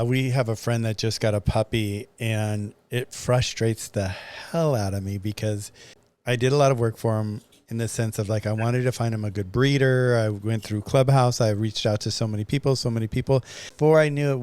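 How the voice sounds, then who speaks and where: Smooth-voiced male host. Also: medium pitch, a little mellow. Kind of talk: casual interview chat.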